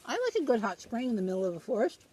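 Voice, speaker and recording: Animated female co-host, playful and chatty, noisy home recording. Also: fairly high pitch, very fast. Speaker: co-host food critic. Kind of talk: casual mealtime chat. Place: home dining table. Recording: clear background noise.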